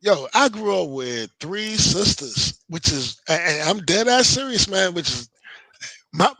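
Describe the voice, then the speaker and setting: A man's voice: sits high, big pitch swings, measured pace, sharp tone, no echo, low-quality recording. A man co-hosting a casual talk show, talking emphatically in slang and repeating himself for effect. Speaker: podcast co-host. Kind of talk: casual chat.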